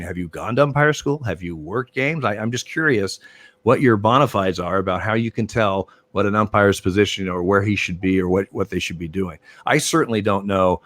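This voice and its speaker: A man's voice: on the low side, brisk. An older man, a former umpire, telling stories in a casual interview, rambling with many fillers and restarts. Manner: rambling, many fillers and restarts, animated when retelling arguments. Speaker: former baseball umpire, guest.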